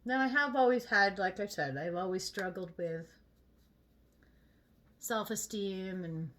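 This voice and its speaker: A woman's voice: mid-range voice, unhurried, fairly bright tone, a little hiss or hum. A woman vlogger chatting casually while she gets ready, venting in a candid and emphatic way.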